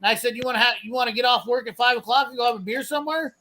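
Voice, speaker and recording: A man's voice: extremely high pitch, racing, sharp tone, a little hiss or hum. A man telling a brash, profane story in casual chat, acting out the lines of the people in it. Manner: brash, swearing, acts out quoted lines. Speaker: storyteller on a live garage show.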